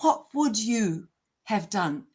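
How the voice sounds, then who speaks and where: A woman's voice: mid-range voice, big pitch swings, takes it slowly, a little mellow, breathy edge. Impassioned woman. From New Zealand. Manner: emphatic, emotional, indignant. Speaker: interview guest. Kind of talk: impassioned interview talk.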